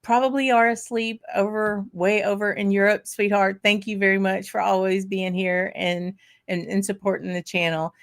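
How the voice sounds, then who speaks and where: A woman's voice: mid-range voice, flat delivery, moderate pace. A woman hosting a whisky livestream, chatty and bubbly, greeting viewers by name with lots of "y'all". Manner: chatty and bubbly, frequent "um" and "y'all", bursts of laughter. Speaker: host of a whisky livestream show. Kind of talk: casual livestream welcome and chat shout-outs.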